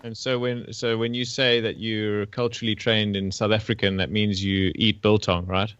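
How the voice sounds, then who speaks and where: A man's voice: on the low side, little pitch movement, normal speed, fairly bright tone, clear, resonant tone, lo-fi sound. A man co-hosting a podcast, asking easygoing, hesitant questions. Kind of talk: casual interview questions.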